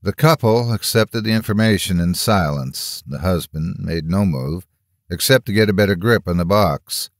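A man narrating a horror story as a dramatic audiobook reading, slow and measured with tense swells. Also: deep voice, no room sound, clean studio sound.

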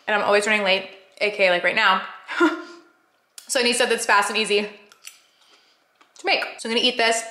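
A woman's voice: medium pitch, sharp tone, roomy sound. A young woman vlogging casually at home, chatty and full of "like" fillers. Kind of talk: casual vlog chat. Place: home, indoors.

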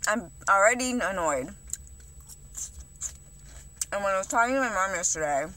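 A young woman talks straight to the camera in a loose, confessional vlog. Her voice is bright and forward. She rambles, swears freely and fills almost every sentence with "like" and "you know". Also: mid-range voice, animated, normal speed. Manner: rambling, heavy swearing, many fillers. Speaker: vlogger.

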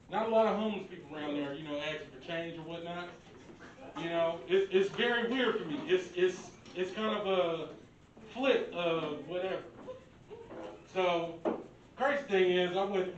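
A man in his thirties from Milwaukee works through a stand-up set with a loose, profane, conversational manner. His voice sits high for a man. The recording is echoey and distant, picked up from across a bar. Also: lo-fi sound, background noise. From Milwaukee, USA. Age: 30s. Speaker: stand-up comedian. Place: karaoke bar open mic. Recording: roomy bar echo, distant mic.

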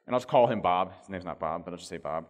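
A man giving a conference talk, telling a story fast and animatedly with lots of fillers. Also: low-pitched. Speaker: conference speaker. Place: conference hall. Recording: long reverb of a large hall.

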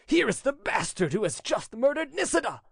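A man's voice: extremely high pitch, sing-song, moderate pace, vocal fry, a bit bright, husky, dry recording, clean studio sound, pitched above the performer's own voice, exaggerated voice. A man voicing a grief-wild young fisherman. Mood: anguished. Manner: anguished crying out.

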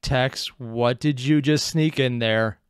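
A man's voice: medium pitch, slow pace, clean tone, no echo, studio quality. A man hosting a casual reaction video, joking and sarcastic as he comments. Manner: animated, sarcastic asides, laughs at own jokes. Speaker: reaction channel host.

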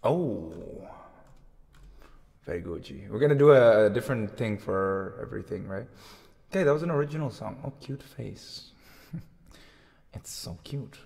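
A man's voice: on the low side, expressive, moderate pace, gravelly, pauses often, a little mellow, long reverb tail. A man hosting a music livestream, chatting casually with viewers between songs and laughing often. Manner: giggly, laughs often while talking.

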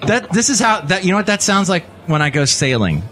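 Animated joking podcast host, a man. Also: high voice, brisk, a little hiss or hum. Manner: joking, playful, rambling asides. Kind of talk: casual studio interview.

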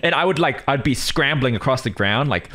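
A man's voice: mid-range voice, a little fast. A man streaming, chatting casually and rambling through stories with lots of energy. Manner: animated, rambling storyteller. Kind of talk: casual chat.

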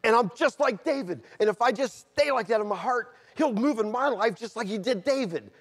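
A middle-aged man, preaching a sermon and telling a personal testimony, moving from quiet storytelling to fervent outbursts. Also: very high voice, lively intonation, fairly quick, husky. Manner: earnest, swings from quiet storytelling to shouted fervor.

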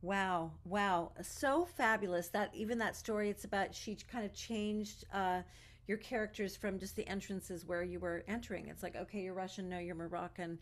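A woman's voice: mid-range voice, moderate pace. A woman hosts an interview in a mid-range voice. She responds with encouraging affirmations and leads into her next question. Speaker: host, co-artistic director. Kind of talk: interview conversation.

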